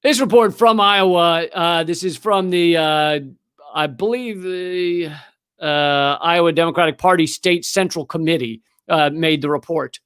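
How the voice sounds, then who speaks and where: A man's voice: a little high, measured pace, fairly bright tone, smooth. A man hosting a comedic political news show, ranting with sarcasm and profanity, full of restarts.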